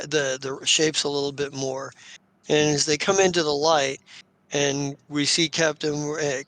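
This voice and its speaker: Guy running a live tabletop game stream, lots of um and like, halting narration, kinda high voice, dry close mic. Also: fairly bright tone, no room sound. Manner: halting, many fillers and restarts. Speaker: game master and host. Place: home streaming setup.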